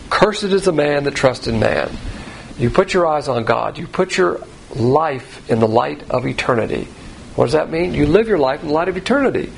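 A man giving an expository Bible sermon in a plain, conversational teaching tone, rising sharply in pitch to stress key points. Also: vocal fry, a little hiss or hum, rough recording.

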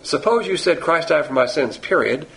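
Gravelly guy preaching, blunt and sarcastic, drags out the big points. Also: on the high side, expressive, fairly bright tone, low-quality recording. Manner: blunt, sarcastic, emphatic with slow stressed phrases. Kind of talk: sermon.

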